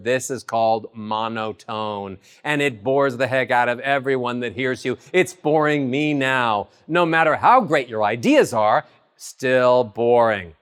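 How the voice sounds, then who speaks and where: A man giving a voice lesson, teaching in an animated way and swooping high and low in pitch to demonstrate. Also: measured pace, smooth. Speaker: voice coach. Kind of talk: spoken voice lesson.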